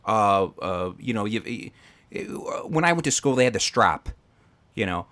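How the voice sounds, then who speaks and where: Bright-voiced crude joking host. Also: male voice, fairly low pitch, animated, a little slow. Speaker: podcast host. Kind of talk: casual chat.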